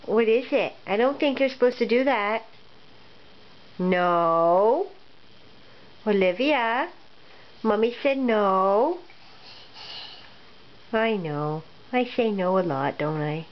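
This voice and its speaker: A mother in a casual home video, gently coaxing her toddler with short repeated phrases in a sing-song voice. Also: medium pitch, expressive, takes it slowly, pauses often. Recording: dull lo-fi home recording, faint room noise.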